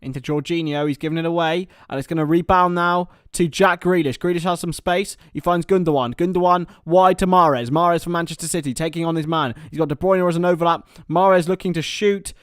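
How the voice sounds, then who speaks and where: A young British man hosting a live football watchalong, mixing excitable play-by-play with rambling banter. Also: fairly high pitch, a little fast, few pauses, clean tone, no room sound, studio quality. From Britain. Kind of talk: casual live match commentary and chat.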